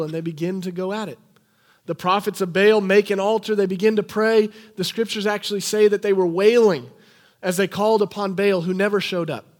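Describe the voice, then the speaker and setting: A young man preaching a sermon, retelling a story animatedly and acting out the quoted lines in a lower voice.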